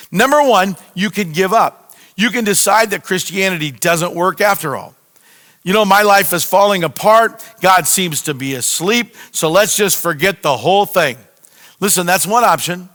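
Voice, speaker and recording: A man's voice: sits high, sharp tone. A man pastor preaching a sermon with impassioned, repetitive cries to his listeners. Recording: long hall reverb.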